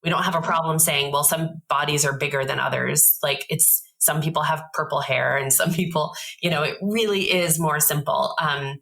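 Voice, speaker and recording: A woman in her thirties, a podcast guest telling a story in a casual, animated way and acting out the voices of the people in it. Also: low-pitched, normal speed, gravelly, hardly any pauses, rough recording.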